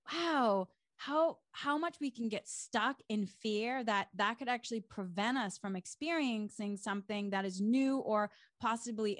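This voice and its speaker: A middle-aged woman co-hosting a podcast, recounting a personal story in casual, animated fashion with many fillers. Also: fairly high pitch, no echo, clean studio sound. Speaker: podcast co-host.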